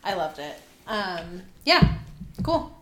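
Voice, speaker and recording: A woman's voice: lowish voice, big pitch swings, slow pace, roomy sound, a loud crowd. Easygoing woman in her thirties. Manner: brief, easygoing replies. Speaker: podcast co-host. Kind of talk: casual chat.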